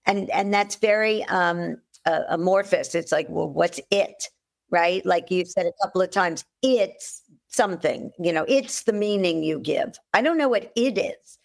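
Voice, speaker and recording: A woman's voice: lowish voice, unhurried, vocal fry. A woman guest coach in a podcast interview, talking directly and repeating her key phrases. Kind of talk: conversational interview.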